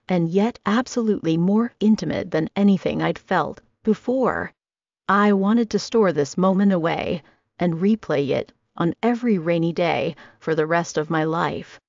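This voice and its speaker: Low gravelly woman narrating romance. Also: moderate pace, a little mellow, no room sound. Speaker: audiobook narrator. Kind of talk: first-person romance audiobook narration. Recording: dull lo-fi recording.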